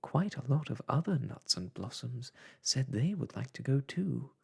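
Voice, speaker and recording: A storyteller softly whispering an old children's book aloud, in a whispered role-play. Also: medium pitch, sing-song, moderate pace, creaky, breathy edge.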